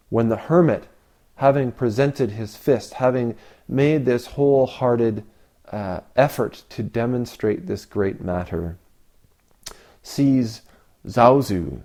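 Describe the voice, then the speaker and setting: A man giving a reflective Zen dharma talk, asking rhetorical questions with long pauses. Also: fairly low pitch, a little mellow. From Canada. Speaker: Zen teacher.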